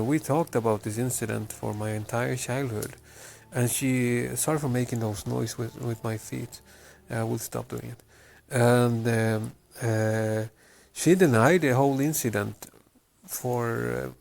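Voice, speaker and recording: A man from Chile telling a personal story with many pauses, fillers and restarts. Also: medium pitch, steady tone, vocal fry, darkish tone. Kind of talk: personal story told to camera.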